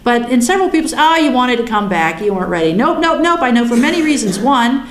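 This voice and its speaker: A woman in her sixties telling a personal story in a chatty, animated way, often laughing. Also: on the high side, fast, reverberant. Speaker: guest recounting a near-death experience.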